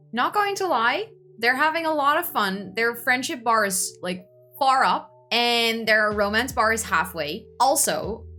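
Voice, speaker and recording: Excitable young woman doing game commentary, bright voice, lots of squealing ups and downs. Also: mid-range voice. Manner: gushing, excitable, talks to viewers. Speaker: gaming YouTuber. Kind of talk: casual gameplay commentary.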